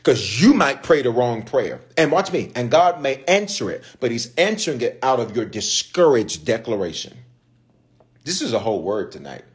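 With a medium-pitched voice that swings widely in pitch, a bishop and pastor preaches at normal speed in a chatty, slangy way. He keeps repeating lines and calling out to the congregation, call-and-response style.

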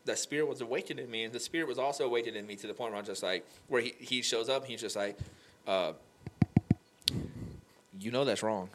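A young man telling an emotional faith story on a podcast, animated and full of "like" fillers. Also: medium pitch, quick pace, slight background noise. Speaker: podcast guest. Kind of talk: candid faith conversation.

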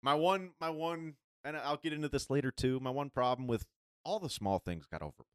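A man's voice: mid-range voice, fairly quick, clean tone, no echo, clean studio sound. A man guest co-hosting a podcast, chatting casually and agreeing emphatically. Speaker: guest co-host. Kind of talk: casual chat.

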